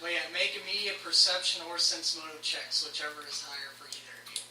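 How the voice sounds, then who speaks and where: A woman's voice: deep voice, quick pace. A woman running a tabletop game as game master, narrating rolls in a matter-of-fact way. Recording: echoey room from far off, background noise.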